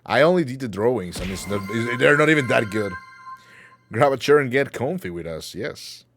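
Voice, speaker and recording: A man's voice: medium pitch, animated, moderate pace, fairly bright tone, faint music behind. A man hosting a livestream talk show, chatting casually and playfully with his chat, rambling and joking with mock anger.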